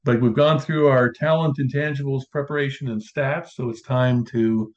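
A man's voice: mid-range voice, steady tone, moderate pace. A man hosting a casual sports talk show, building his argument point by point. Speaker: podcast host. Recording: dull lo-fi sound.

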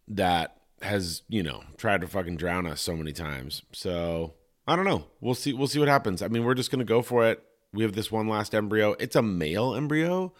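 A man with a fairly low voice talks alone on his podcast in a loose, casual way. He speaks candidly and reflectively, with plenty of fillers and offhand swearing. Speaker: podcast host. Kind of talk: solo casual podcast talk.

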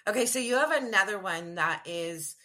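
Bright punchy woman host, chatty interview, gets excited easily. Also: medium pitch, moderate pace. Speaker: podcast host. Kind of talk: casual interview.

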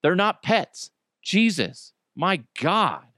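A man's voice: sits high, takes it slowly, dry recording, studio quality. Exasperated profane podcast host man. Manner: exasperated, profane, animated storytelling. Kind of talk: casual solo podcast rant.

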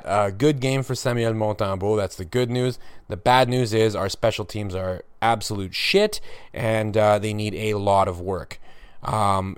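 Man, solo sports podcast host, candid, wry, low-pitched, dry close mic. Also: a little slow, smooth, no echo. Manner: candid, wry, self-deprecating, with frequent fillers.

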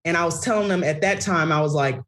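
A woman's voice: low voice, quick pace, fairly bright tone. A woman guest talking bluntly on a podcast over a video call, swearing freely as she speaks. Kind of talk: casual chat.

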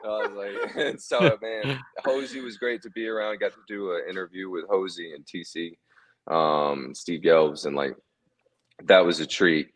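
A man, a former ballplayer, telling relaxed anecdotes as a guest in a casual interview, often chuckling. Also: low voice, moderate pace. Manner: laid-back, chuckling anecdotes.

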